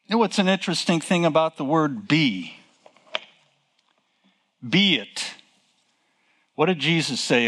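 A man preaching a sermon, asking rhetorical questions, repeating phrases and exclaiming with excitement. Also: fairly high pitch, measured pace, long pauses. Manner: asks rhetorical questions to the listeners.

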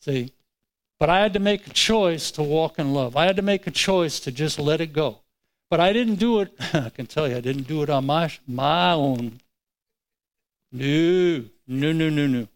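A man preaching a sermon, telling a personal story in an animated way and acting out his own words. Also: a little high, moderate pace, rough recording. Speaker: pastor.

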